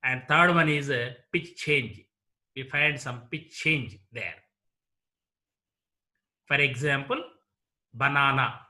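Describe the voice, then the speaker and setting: A man with an Indian English accent, teaching a lecture on word stress and repeating each example word slowly. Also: medium pitch, bright, forceful tone. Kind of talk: slow explanatory lecture.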